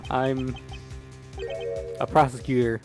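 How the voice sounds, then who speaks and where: A man voicing a composed male prosecutor in a formal, measured way. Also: mid-range voice, flat delivery, a little mellow, soft background music, lightly acted.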